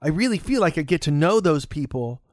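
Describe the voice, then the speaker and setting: A man's voice: on the high side, sing-song, fairly quick, a little mellow, dry recording, studio quality. A man co-hosting a podcast in casual chat, rambling and playful. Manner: rambling and playful, laughs often. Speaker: podcast co-host.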